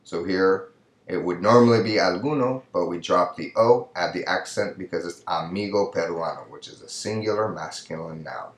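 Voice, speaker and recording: A man's voice: low voice, moderate pace, reverberant. A man teaching a recorded lesson over slides. He explains patiently and keeps checking with "right?". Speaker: Spanish teacher.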